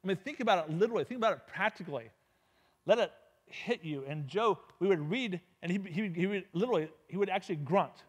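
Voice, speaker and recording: A man speaking to a church congregation as a guest speaker, telling a story in a lively, humorous, anecdotal way. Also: sits high, fast, slightly rough. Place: church sanctuary. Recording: long hall reverb.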